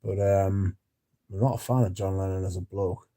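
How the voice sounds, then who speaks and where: A man's voice: sits low, fairly even intonation, normal speed, mellow, no echo, clean studio sound. A man hosting a casual livestream, talking bluntly and swearing freely as he reads out and answers viewer comments. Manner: blunt and profane. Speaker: livestream host.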